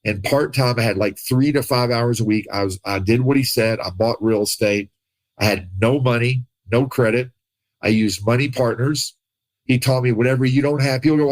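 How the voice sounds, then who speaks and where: A man telling his life story as a podcast guest, animated, acting out the people he quotes and laughing often. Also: medium pitch, fairly quick, no room sound, low-quality recording. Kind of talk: casual storytelling.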